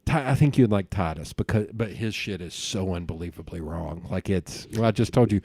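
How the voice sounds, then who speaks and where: A male podcast host with a fairly low voice, chatting casually and tumbling from one tangent to the next. His voice is close and dry, with no room around it. He tells stories with eager, meandering energy. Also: fairly quick, dry recording. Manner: rambling, excitable storyteller who jumps between tangents. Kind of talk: casual conversational interview.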